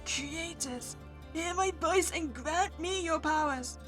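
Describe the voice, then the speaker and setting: A woman voicing a desperate summoner who shouts commands at a demon. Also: very high voice, slow pace, soft background music, heavily acted. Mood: defiant.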